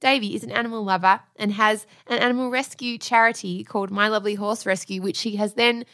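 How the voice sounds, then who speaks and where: A woman in her thirties co-hosting a casual chat show, bubbly, enthusiastic and quick to giggle. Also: medium pitch, steady tone, fairly bright tone. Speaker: podcast co-host.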